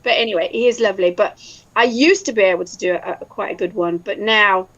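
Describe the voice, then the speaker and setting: A woman's voice: mid-range voice, fast, fairly bright tone, highs cut off. An English woman in casual chat, talkative and laughing often, now and then swearing. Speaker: voice actor guest.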